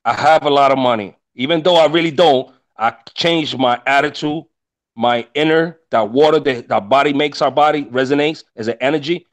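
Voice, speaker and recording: A man's voice: mid-range voice, moderate pace. A man talking casually on a discussion panel, giving emphatic, preachy life advice and swearing freely. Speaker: panel speaker, rideshare driver. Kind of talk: casual motivational talk.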